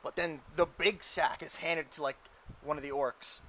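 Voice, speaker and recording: Guy running a tabletop game, kinda high sharp voice, rambles with lots of "like". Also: steady tone, moderate pace. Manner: rambling, full of "like" fillers. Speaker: game master. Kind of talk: casual tabletop game narration.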